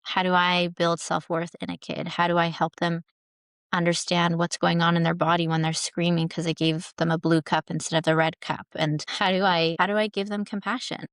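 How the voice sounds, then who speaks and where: A woman in her thirties talks through ideas as a therapist guest on a podcast. Her voice sits low with a gravelly edge, and she speaks earnestly, restarting her thoughts as she goes. The sound is close and dry. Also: level tone, normal speed, dry recording. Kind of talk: conversational podcast interview.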